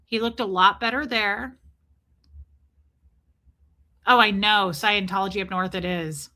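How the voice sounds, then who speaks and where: A woman's voice: mid-range voice, steady tone, a little slow, bright, forceful tone. A middle-aged woman hosting a casual livestream, chatting and telling rambling stories while answering comments. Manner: chatty, rambling storytelling, reads comments aloud. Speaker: livestream host. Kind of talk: casual live chat.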